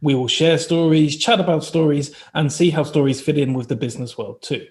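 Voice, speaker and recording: A man's voice: fairly high pitch, steady tone, fairly quick, darkish tone. A man hosting a podcast, introducing the show in a friendly, chatty way. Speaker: podcast host.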